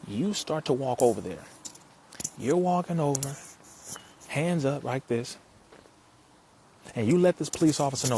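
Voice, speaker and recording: A man's voice: mid-range voice, lively intonation, measured pace, pauses often. Guy giving a fired-up talk, preachy, keeps asking the crowd questions, bit of hiss behind him. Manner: forceful, preacherly, rhetorical questions, rising to emphatic peaks. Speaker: speaker addressing an audience. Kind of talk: impassioned motivational talk.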